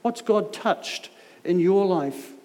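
The voice of this middle-aged guest preacher sits high yet has a darkish tone, and he speaks slowly but with animation. His sermon is built on anecdotes and laced with humorous self-mockery, echoing at length through a large church hall.

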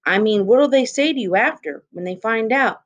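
A woman's voice: a little high, animated, pitched above the performer's own voice, natural voice. Woman doing folksy teen boy Jessie. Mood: earnest. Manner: quick, folksy, urgent. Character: hurried country teenage boy Jessie.

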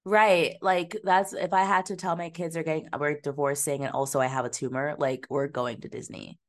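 A woman's voice: low voice, fairly even intonation, moderate pace. A woman co-hosting a podcast, chatting casually about a movie, swearing freely and slipping into mocking impressions. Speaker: podcast co-host. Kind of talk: casual movie-review chat.

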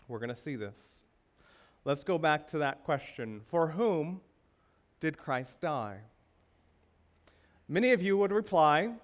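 A man's voice: on the high side, fairly bright tone. A male pastor preaching a sermon, asking the congregation rhetorical questions with emphasis.

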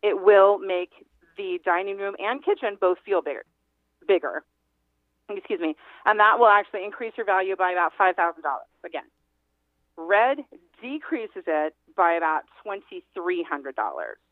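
A woman's voice: mid-range voice, lively intonation, normal speed, no room sound. A woman phoning in to a radio interview as a real estate agent guest. She talks in a chatty, emphatic way and laughs often. Her voice comes over a tinny phone line with a dry sound.

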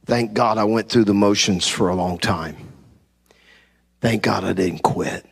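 A man pastor preaching a sermon, telling a personal story with animated delivery and acting out conversations. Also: fairly low pitch, measured pace, creaky, pauses often, husky. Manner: animated, acts out conversations, laughs at himself. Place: church sanctuary.

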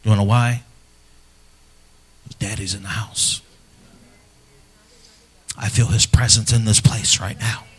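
A middle-aged man, a pastor, preaching a sermon in a church, earnest and personal, swinging from loud emphasis to hushed, near-whispered lines. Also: on the low side, fairly even intonation, a little slow, pauses often, slightly rough. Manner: earnest and personal, speaking to fathers.

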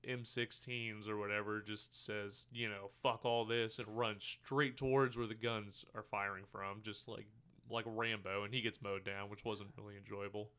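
Bright, clear-voiced man recapping a film. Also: fairly low pitch, level tone, normal speed. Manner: rambling recaps with quoted lines and fillers. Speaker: podcast co-host. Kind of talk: casual movie review chat.

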